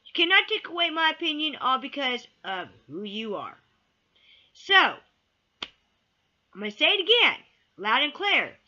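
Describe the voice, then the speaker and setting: A woman's voice: sits high, sing-song, a little slow, pauses often, pushed and bright, highs cut off. A woman giving a heated opinion rant to camera. She repeats key words for emphasis and sometimes swears. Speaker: vlogger.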